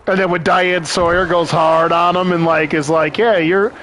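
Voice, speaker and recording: A man's voice: on the high side, little pitch movement, normal speed, a bit bright, slight background noise. A young man chatting casually as he streams a game, rambling, swearing and laughing often. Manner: rambling, profane, laughs a lot. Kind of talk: casual chat while gaming.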